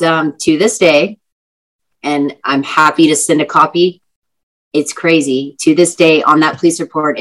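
Low-voiced chatty young woman. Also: fairly bright tone, low-quality recording. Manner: chatty, many "like" fillers, vivid retelling. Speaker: actress and singer, guest. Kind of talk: casual interview storytelling.

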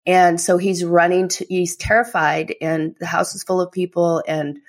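Low-pitched woman, memoir author, candid emotional storytelling, lots of fillers. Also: steady tone, normal speed.

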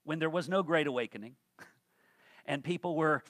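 A man's voice: on the high side, a bit bright, dry recording, clean studio sound. A male pastor preaching a sermon, folksy and humorous, rising to fervent emphasis.

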